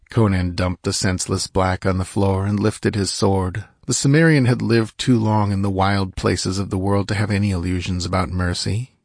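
A man narrating an adventure audiobook in a measured, dramatic way. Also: on the low side, no room sound, clean studio sound. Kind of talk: scripted narration.

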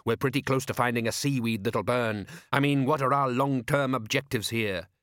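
A man's voice: mid-range voice, moderate pace, a bit bright, no room sound, studio quality, natural voice. A man doing a blustering bossy fisherman dad. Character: blustering scheming middle-aged fisherman father.

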